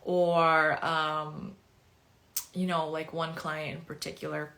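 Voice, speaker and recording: A woman coach telling stories about her clients in a casual way, animated and full of "like" fillers, often acting out what the clients said. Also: deep voice, takes it slowly, creaky. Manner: animated, acts out clients' words, many "like" fillers. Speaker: anxiety and trigger coach. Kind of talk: casual storytelling to camera.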